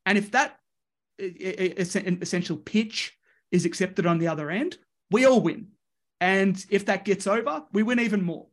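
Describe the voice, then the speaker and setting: An Australian man, a wrestling coach, telling stories in a lively way and voicing the people in them. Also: sits high, normal speed. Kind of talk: animated storytelling.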